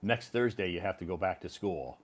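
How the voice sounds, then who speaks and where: Speaking low and fairly quickly, this American man runs a laid-back live stream from his Beijing home. He wanders from point to point and leans heavily on filler words.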